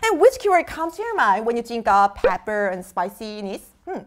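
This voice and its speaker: A woman's voice: fairly high pitch, very animated, normal speed, over a noisy crowd, very noisy. A young woman hosting a live quiz show, bubbly and playful, laughing often between clues.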